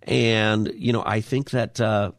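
A man hosts a Christian radio talk show, earnest and reflective, circling back and restarting his thoughts. His voice sits on the low side and sounds close and dry, with no room around it. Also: little pitch movement, slow, dry recording.

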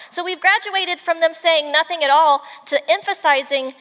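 A woman with a high voice gives a devotional talk, animated and emphatic as she tells the story. A long reverb trails her words. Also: normal speed, hardly any pauses. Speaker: mother and devotional speaker. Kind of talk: devotional talk retelling a children's book.

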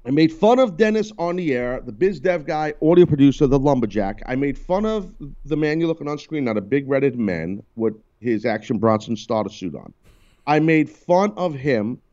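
A man's voice: medium pitch, lively intonation, moderate pace, darkish tone, muffled recording. A man hosting a radio talk show, chatting loosely and teasing his co-hosts. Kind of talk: casual on-air banter.

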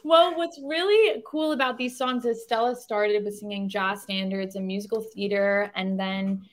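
Woman, songwriter, interview guest, bubbly, quick talker, casual chat. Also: mid-range voice. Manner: bubbly, quick, laughs often.

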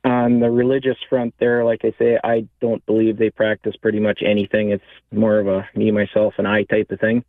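A male radio caller heard over a tinny, narrow phone line with a dry sound. He talks in a halting, hesitant way, with many fillers and restarts. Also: lowish voice, monotone, no room sound. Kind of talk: phone-in conversation. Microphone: telephone.

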